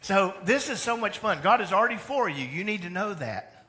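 Male pastor, slightly high voice, animated conversational sermon in a church. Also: moderate pace, slight background noise. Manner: animated, conversational preaching with acted-out dialogue. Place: church sanctuary.

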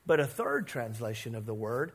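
A man preaching a sermon as a pastor, conversational and animated, acting out voices of characters and coaxing the congregation to repeat words. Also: medium pitch, moderate pace, long reverb tail, a little hiss or hum.

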